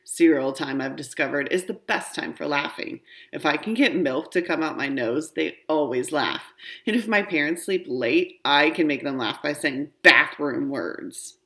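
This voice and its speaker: Woman, children's audiobook narrator, low voice, animated pitch, expressive. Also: moderate pace. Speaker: audiobook reader. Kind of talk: children's book read-aloud.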